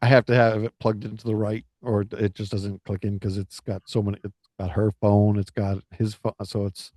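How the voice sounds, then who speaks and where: Male podcast co-host, lowish voice, halting chatty delivery, dry sound. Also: flat delivery, darkish tone, no echo. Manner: rambling, halting restarts. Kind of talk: casual chat.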